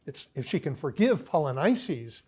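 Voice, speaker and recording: A man giving a philosophy lecture, pausing often with ums and restarts as he reads quoted lines aloud. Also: on the high side, sing-song, mellow, husky. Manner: halting, many ums and restarts.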